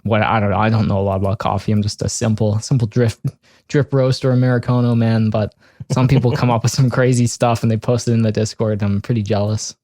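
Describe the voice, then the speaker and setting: A man's voice: fairly low pitch, flat delivery, fast, warm tone, no room sound, studio quality. A man co-hosting a podcast in casual chat, easygoing and laughing along as he talks. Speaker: podcast co-host.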